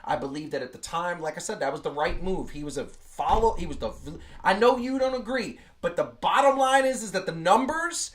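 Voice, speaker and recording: Animated ranting sports talk co-host. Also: mid-range voice, brisk, hardly any pauses. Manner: animated ranting, mocks people with put-on whiny quotes. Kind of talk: casual live-stream sports debate.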